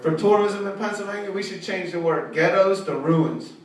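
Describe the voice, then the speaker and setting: A man, doing profane, high-pitched stand-up. He is recorded from a distance in an echoey room. Loud room noise surrounds him. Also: moderate pace. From Pittsburgh area. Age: 40s. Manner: profane, loud, crowd-working. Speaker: stand-up comedian. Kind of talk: stand-up comedy set. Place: small art studio venue, indoors. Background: audience laughter.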